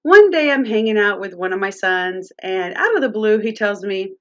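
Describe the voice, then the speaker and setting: A woman's voice: mid-range voice, animated, normal speed, hardly any pauses, lo-fi sound. A woman presenting a live-streamed teaching talk on parenting, speaking directly to viewers and their chat.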